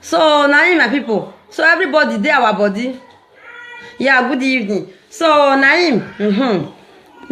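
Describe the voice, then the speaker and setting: A Nigerian woman talking casually to her followers in a vlog, animated and preachy, often laughing as she speaks. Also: high voice, unhurried. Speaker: social media vlogger.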